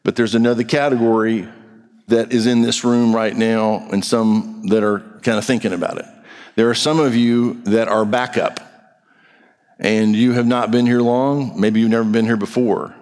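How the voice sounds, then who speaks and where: A man's voice: medium pitch, level tone, moderate pace, darkish tone, clean tone. A middle-aged man preaching a sermon as pastor, talking directly and bluntly to his congregation with rhetorical questions. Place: church sanctuary. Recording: long reverb of a large hall.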